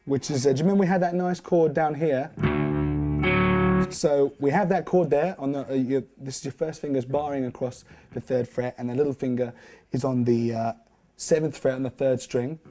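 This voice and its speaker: A man's voice: medium pitch, moderate pace. A young man giving a casual, jokey guitar lesson, counting beats and scatting rhythms aloud. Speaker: guitar teacher. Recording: loud guitar playing under the voice.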